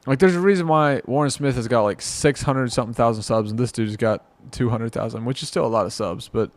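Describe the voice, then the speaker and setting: A man's voice: medium pitch, a little fast. A man giving rambling, exasperated reaction commentary, muttering to himself and mocking what he watches. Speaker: commentary vlogger.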